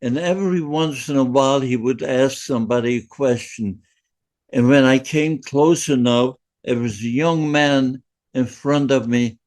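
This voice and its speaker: Very slow-spoken man in his nineties. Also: mid-range voice, a little mellow. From Poland. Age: 90s. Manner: slow, halting, emotional, with restarts. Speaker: podcast guest, Holocaust survivor. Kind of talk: first-person testimony storytelling.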